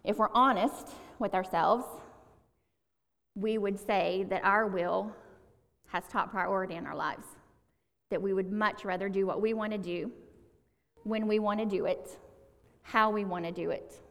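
Female preacher, earnest and conversational, slows for emphasis, mid-pitched, hall reverb. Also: a bit bright. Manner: earnest, conversational, stresses words by slowing down. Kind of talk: sermon.

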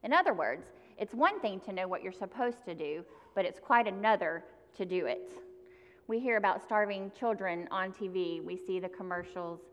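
A woman's voice: mid-range voice, expressive, moderate pace, big-room sound. A woman giving a sermon, reading a quotation and then explaining it reflectively.

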